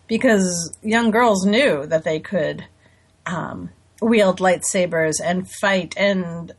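A woman's voice: on the low side, husky. Woman hosting a radio show, rambly and chatty, pokes fun at herself. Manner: chatty, self-deprecating, with fillers and laughs. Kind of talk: casual radio talk with readings.

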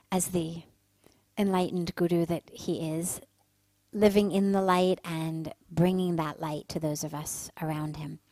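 A woman's voice: on the low side, warm tone, dry recording, poor audio. A woman hosting a spiritual talk show on the radio. She tells a personal story earnestly and with strong feeling.

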